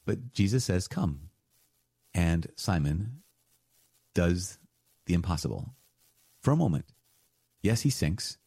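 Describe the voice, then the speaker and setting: A man giving a conversational sermon on scripture, animated and emphatic, with laughs and sarcastic asides. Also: low-pitched, a little slow, gravelly, long pauses, breathy edge, no room sound, clean studio sound. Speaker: priest teaching on scripture.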